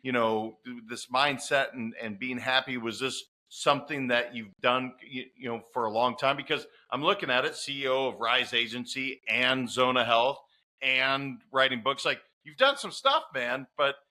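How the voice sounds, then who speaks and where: Podcast host guy, super bright sharp voice, eager, calls the guest brother. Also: mid-range voice, normal speed. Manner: enthusiastic, addresses the guest as brother and man. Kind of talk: interviewing, casual chat.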